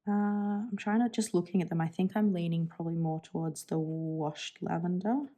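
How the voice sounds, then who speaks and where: Low-voiced woman musing aloud. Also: fairly even intonation, moderate pace, dark tone. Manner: musing, thinking aloud, self-deprecating. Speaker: stationery vlogger. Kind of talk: casual chat while ink swatching.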